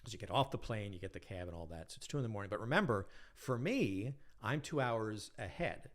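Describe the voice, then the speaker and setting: A middle-aged man with a low-pitched voice tells a long story on a podcast. He keeps it casual and animated, laughs often, and briefly puts on the voices of the people he talks about. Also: a little fast. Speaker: podcast guest, physicist.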